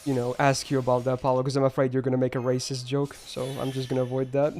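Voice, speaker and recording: A man's voice: mid-range voice, monotone, fast talker, darkish tone, soft background music. A man streaming a game live, ranting emphatically and answering his chat.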